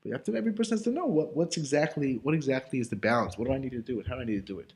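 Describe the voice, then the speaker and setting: In an expressive, mid-range voice with a darkish tone, a man talks rapid-fire through an informal Torah class. It's loose and conversational, heavy on fillers, and he asks himself rhetorical questions.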